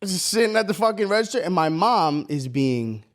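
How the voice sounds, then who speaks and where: Lively, high-pitched cursing storyteller man. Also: normal speed. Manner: profane, storytelling. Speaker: podcast co-host. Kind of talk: casual chat.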